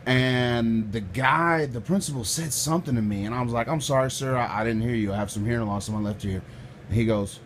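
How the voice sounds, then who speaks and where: A loud man telling a personal story with lots of swearing, acting out the people in it and swinging from quiet to shouting. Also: medium pitch, quick pace, a little hiss or hum. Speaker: storyteller recounting a personal run-in.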